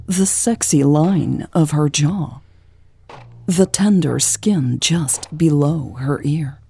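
A woman reads an intimate romance audiobook in a hushed, half-whispered voice. Her tone is low, gravelly and husky, and she takes her time. Faint music plays softly behind her. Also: slow pace. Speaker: audiobook narrator.

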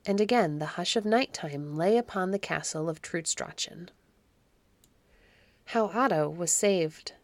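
A woman narrating a classic children's story in a measured, expressive reading. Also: on the low side, no echo. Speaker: audiobook narrator.

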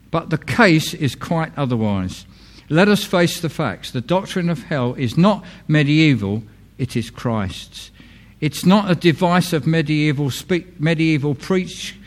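A pastor preaches a sermon in an earnest, plain-spoken way, repeating key phrases and dropping his voice low for emphasis. He also makes casual asides to the congregation.

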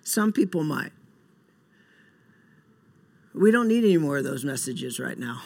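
A young man preaching a sermon earnestly, moving between soft, slow passages and loud, emphatic bursts. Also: fairly high pitch, sing-song, creaky. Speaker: pastor.

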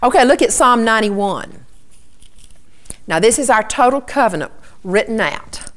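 A middle-aged woman preaching in a somewhat high voice. She teaches earnestly and steadily, walking her listeners through scripture passage by passage. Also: expressive, moderate pace. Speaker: Bible teacher. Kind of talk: sermon.

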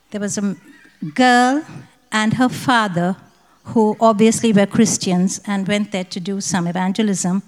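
Woman telling a testimony in a hall. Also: medium pitch. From India. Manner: vivid storytelling, acting out the dialogue. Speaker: testimony speaker at a prayer conference. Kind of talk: spoken personal testimony.

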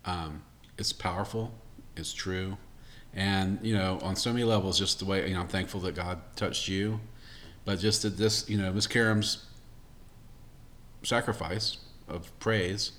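A man's voice: low-pitched, fairly even intonation, a little slow, fairly bright tone. A man hosting a casual faith conversation, reflective and thinking aloud. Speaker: host.

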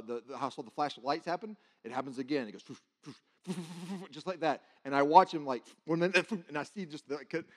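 Male preacher, fairly high voice, animated testimony storytelling, halting restarts, sudden hushed drops. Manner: animated, halting with many restarts, dropping to a hush at tense moments.

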